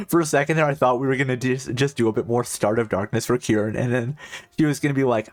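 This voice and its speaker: A man's voice: medium pitch, brisk, faint music behind. A man streaming a video game, chatting casually and rambling into joking asides to his chat. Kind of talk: casual let's-play chat.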